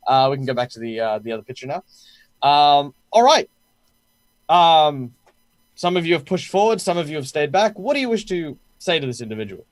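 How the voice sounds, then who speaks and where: A man's voice: fairly high pitch, animated, brisk, dry recording, studio quality. A man narrating as game master of a tabletop game, talking in a hesitant way with many fillers.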